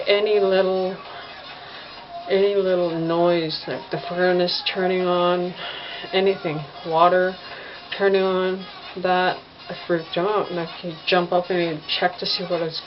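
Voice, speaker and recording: A woman, a mother, telling a ghost story in casual speech to a propped-up camera at home, halting with many fillers and restarts. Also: on the low side, level tone, lo-fi sound. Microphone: phone or camera propped up, no tripod.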